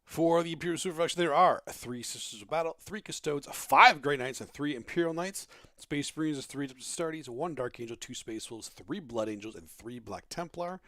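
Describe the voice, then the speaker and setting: A man co-hosting a gaming talk show in casual banter, animated, laughing easily, and quick to react. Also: on the high side, dry recording, clean studio sound. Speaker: co-host.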